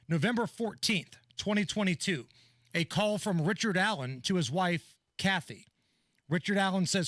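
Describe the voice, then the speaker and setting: A man's voice: high-pitched, fairly bright tone, dry recording, clean studio sound. A man co-hosting a talk radio show, running through a news update in a methodical, orderly way. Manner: methodical, reads details in order. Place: radio studio. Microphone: studio microphone.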